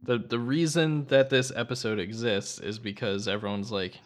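Brief: man co-host, mid-pitched voice, laid-back and wry. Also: fairly even intonation, moderate pace, few pauses. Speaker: podcast co-host. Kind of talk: casual chat.

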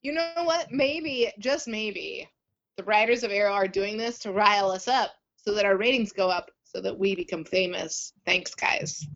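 A woman's voice: medium pitch, moderate pace, a bit bright, lo-fi sound. A woman co-hosting a podcast in casual chat, playful and teasing. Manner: playful, teasing, laughs a lot. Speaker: podcast co-host.

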